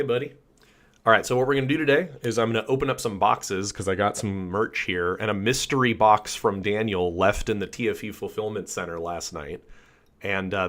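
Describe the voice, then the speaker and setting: A man hosting a casual live stream, chatting and greeting viewers by name, his voice a little rough. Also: lowish voice. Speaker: channel host.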